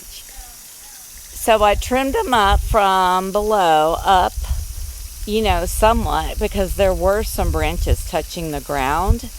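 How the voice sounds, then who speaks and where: A woman chatting excitedly to viewers as she walks through her garden, filming on a handheld phone outdoors. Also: mid-range voice, takes it slowly, a little hiss or hum. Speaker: gardening vlogger. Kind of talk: casual garden walkthrough.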